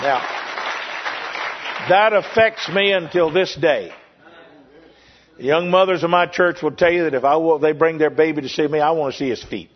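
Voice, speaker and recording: An older man, preaching and telling a personal testimony as a pastor, earnest and repetitive with pauses. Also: on the high side, some chatter behind. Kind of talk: sermon testimony. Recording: lo-fi dull recording.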